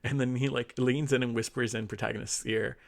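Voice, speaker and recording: Gravelly man recapping a story. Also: medium pitch, fairly quick. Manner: animated, laughing, acts out the characters' lines. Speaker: podcast co-host. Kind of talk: casual chat, recapping a story.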